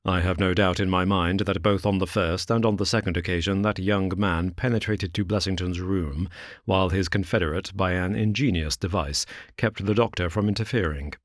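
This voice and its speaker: A man voicing a cool, incisive detective who speaks crisply and briskly. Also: sits low, steady tone, dry recording, clean studio sound, close to an everyday voice. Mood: assured.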